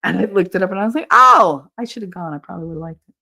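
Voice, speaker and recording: A woman from New Jersey with a New Jersey accent, hosting a podcast in casual chat, animated and exasperated, swearing freely. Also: on the low side, very fast, creaky. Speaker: podcast host reading live chat.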